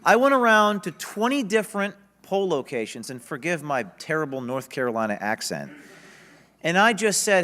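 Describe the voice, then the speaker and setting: A man's voice: on the high side, very animated, brisk, a bit bright. Emphatic man giving a conference speech. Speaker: conference speaker. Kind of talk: public speech. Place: conference stage.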